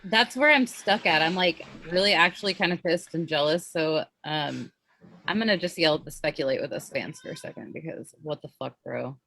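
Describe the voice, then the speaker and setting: A woman's voice: sits low, a little fast, pushed and bright. A woman from the United States, a guest on a casual podcast, teasing and swearing.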